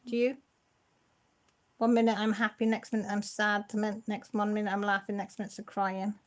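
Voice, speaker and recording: A woman's voice: mid-range voice, level tone, brisk. A middle-aged woman, hosting a casual livestream and chatting and teasing as she answers viewer comments. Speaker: channel host.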